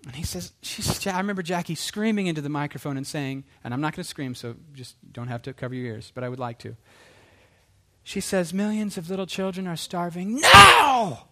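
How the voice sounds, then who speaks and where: A middle-aged man preaching a sermon, animated, asking rhetorical questions and acting out quoted voices. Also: a little high, fairly quick.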